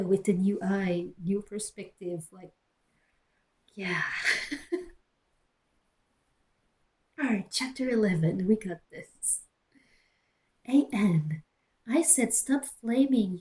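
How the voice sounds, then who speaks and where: A woman's voice: medium pitch, lively intonation, slow, pauses often, warm tone, poor audio. A young woman streamer reading a story aloud with sarcastic asides and muttered jokes, into a cheap headset in a small closed room. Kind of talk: mocking dramatic reading with asides. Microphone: cheap gaming headset.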